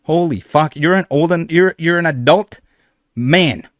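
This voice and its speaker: A man's voice: on the high side, unhurried, no echo. Blunt, indignant man in a dry recording. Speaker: channel host. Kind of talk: reaction commentary.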